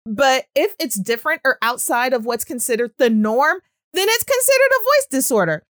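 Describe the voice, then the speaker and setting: A woman with a high, bright-pitched voice talks in a chatty, animated way as a speech-language pathologist. She explains things casually and fills her sentences with little fillers. The sound is dry and close, with no room echo. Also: moderate pace. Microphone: audio-only recording.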